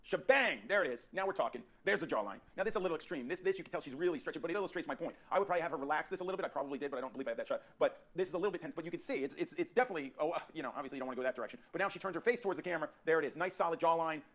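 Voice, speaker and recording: A man teaching portrait posing in his photo studio, directing a subject with energetic, repetitive coaching. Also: fairly high pitch. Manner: rapid, energetic coaching with frequent restarts and repeats.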